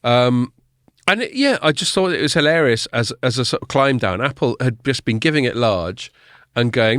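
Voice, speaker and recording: A man's voice: medium pitch, lively intonation, normal speed, a bit bright, no echo, clean studio sound. A man hosting a casual podcast chat, talking in a loose, swearing, filler-heavy way. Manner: chatty, swears casually, many fillers and restarts. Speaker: podcast host.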